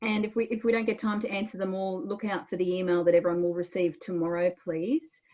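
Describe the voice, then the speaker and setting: A woman's voice: on the low side, little pitch movement, quick pace, warm tone. Woman webinar moderator, reads audience questions, polite, slightly muffled lo-fi sound.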